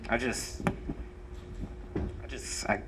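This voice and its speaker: A young man performing a profane, crowd-teasing stand-up comedy set on a club stage. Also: extremely slow. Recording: noisy live room recording.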